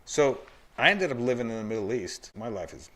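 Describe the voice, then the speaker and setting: A man's voice: medium pitch, sing-song, fairly quick, fairly bright tone. A man hosting a podcast over a video call, talking in a loose, rambling way and calling his guest "dude" constantly. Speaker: podcast host. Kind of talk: casual chat.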